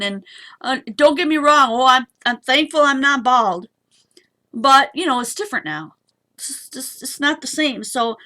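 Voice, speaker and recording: A woman's voice: high-pitched, sharp tone. A woman hosting a live papercraft stream, chatty and bubbly as she demonstrates and talks to her viewers. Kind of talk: casual craft demonstration.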